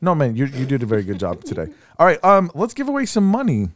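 A man's voice: medium pitch, fast. A man hosting a podcast, telling stories in casual chat and laughing often. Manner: lively storyteller, laughs often. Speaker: podcast host.

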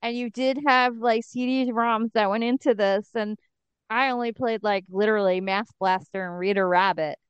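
A woman's voice: a little high, steady tone, normal speed, clear, resonant tone, no echo, muffled recording. A woman co-hosting a podcast in casual chat, teasing and nostalgic. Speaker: podcast co-host.

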